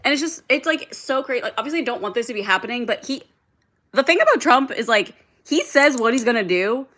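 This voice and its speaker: A woman's voice: a little high, big pitch swings, quick pace, a bit bright. A young woman hosting a casual livestream, rambling with lots of "like" and swearing while reading and answering viewer comments. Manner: rambling, heavy filler "like", frequent swearing, reads and answers chat. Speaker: livestream host.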